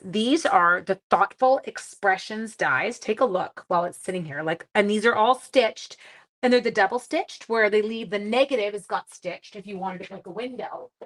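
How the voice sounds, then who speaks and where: A woman's voice: medium pitch, a bit bright. Middle-aged Canadian woman, casual live-stream craft host, chatty and thinking aloud. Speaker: stamping demonstrator hosting a live stream. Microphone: live stream mic.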